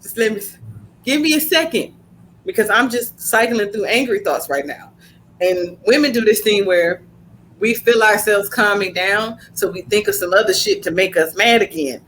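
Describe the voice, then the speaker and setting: Woman podcast host, punchy and blunt, bright edge to the voice. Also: medium pitch, normal speed, a little hiss or hum. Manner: blunt, animated storytelling with slang. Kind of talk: casual podcast chat.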